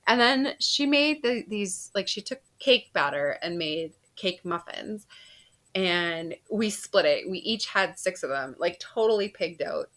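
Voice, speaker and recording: A woman's voice: fairly low pitch, lively intonation, unhurried, fairly bright tone. A woman in her thirties, a podcast host, casually telling a personal story with frequent laughs and fillers. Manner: chatty, laughs often, lots of fillers.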